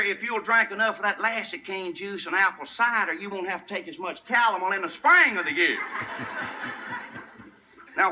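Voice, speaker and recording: A man's voice: high voice, pushed and bright, a little hiss or hum, rough recording. An older man with a rural West Tennessee accent, telling folksy tall tales and chuckling at his own punchlines. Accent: Southern US, rural West Tennessee. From Tennessee, USA. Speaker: storyteller. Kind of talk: folksy humorous storytelling.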